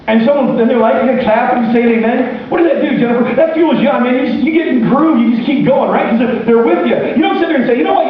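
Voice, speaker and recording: A man preaching a sermon as pastor, animated, acting out the voices he quotes. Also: extremely high pitch, heavy reverb. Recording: distant, muffled room mic with faint noise.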